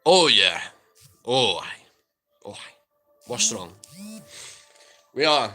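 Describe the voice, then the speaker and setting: A man's voice: mid-range voice, big pitch swings, slow, pushed and bright, husky. A Scottish man in his twenties hosting a casual livestream Q&A, joking and chatting as he answers viewers' comments. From Scotland. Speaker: livestream host answering chat.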